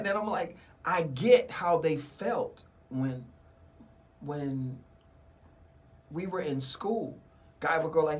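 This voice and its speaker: A man's voice: fairly high pitch, takes it slowly, long pauses. A man hosting a casual radio talk show, telling a story and acting out the dialogue. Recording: community radio studio.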